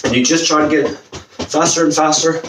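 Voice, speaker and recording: A man's voice: fairly high pitch, fairly even intonation, fairly quick. A man coaching a football fitness workout, encouraging and demonstrating the exercises as he talks, out of breath at times. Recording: roomy, distant camera mic, faint noise.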